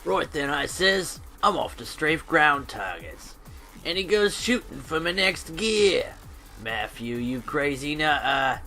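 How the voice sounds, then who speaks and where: A man's voice: a little high, big pitch swings, slow, bright, forceful tone, voice pushed up, full character voice. Man putting on a cheeky old British fighter pilot. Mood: boastful. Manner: slangy old-timey British pilot banter. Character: cheeky veteran male WWII fighter pilot. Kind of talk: role-play narration over flight game footage. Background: faint electronic music.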